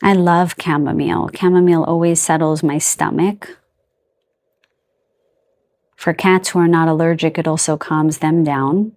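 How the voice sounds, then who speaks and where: A woman giving a casual card reading to her viewers, gentle and affectionate, laughing softly as she rambles and restarts her sentences. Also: low voice, steady tone, a little slow, long pauses. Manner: loose and rambling, trailing off and restarting. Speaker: tarot and oracle card reader.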